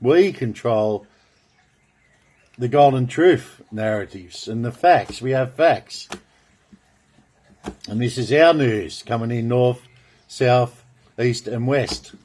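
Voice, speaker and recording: A man from Australia, delivering a slow, rambling monologue full of grandiose, repetitive proclamations as he draws cards. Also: medium pitch, darkish tone. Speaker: video blogger.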